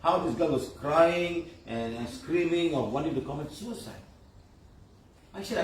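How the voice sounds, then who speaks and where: A man giving a casual, animated talk as a spiritual healer, laughing often and firing questions at his listeners. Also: on the high side, a little slow. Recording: echoey room from far off, faint noise.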